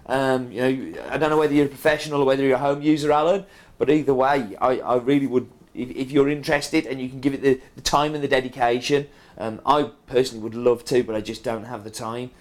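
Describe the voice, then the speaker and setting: A man's voice: mid-range voice, fairly even intonation, fast. British guy, middle-aged, strong accent, chatting casually and reading out comments, lots of ums and uhs. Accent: British English. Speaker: coffee roaster reading viewer comments. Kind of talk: casual chat.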